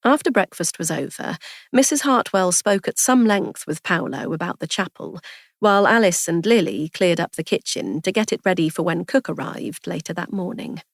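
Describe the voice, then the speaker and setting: A woman narrating a story aloud in an even, measured storytelling manner. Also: fairly low pitch, vocal fry, no echo, clean studio sound. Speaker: audiobook narrator.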